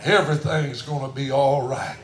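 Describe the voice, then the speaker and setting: A middle-aged man preaching a sermon as pastor, swinging from hushed storytelling to shouted preaching. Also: mid-range voice, fairly even intonation, normal speed, roomy sound, faint music behind. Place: church sanctuary.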